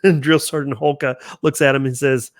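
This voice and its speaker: A man's voice: medium pitch, steady tone, fairly quick, dry recording. Chatty male livestream host, dry sound. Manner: casual, chatty, restarts sentences, reacts to comments. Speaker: channel host. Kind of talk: casual livestream chat reading viewer comments.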